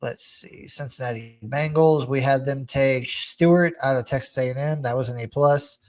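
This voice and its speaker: A young man hosting a casual sports podcast, talking in an animated, rambling fan rant. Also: medium pitch, moderate pace. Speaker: podcast host.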